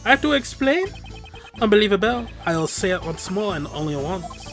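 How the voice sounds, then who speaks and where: A man's voice: high voice, sing-song, normal speed, fairly bright tone, soft background music. A man voicing a haughty, impatient rich male art dealer with a put-on French accent. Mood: pompous. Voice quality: pompous, clipped, dismissive.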